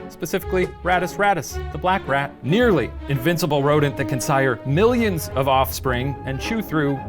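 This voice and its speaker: A man hosting a comic history quiz, excitable and theatrical. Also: a little high, normal speed, music in the background. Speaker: quiz host.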